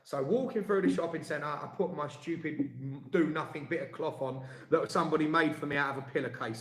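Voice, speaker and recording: A man's voice: on the high side, fairly bright tone. A man telling an indignant story in casual chat, with lots of restarts. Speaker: co-host. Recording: echoey room.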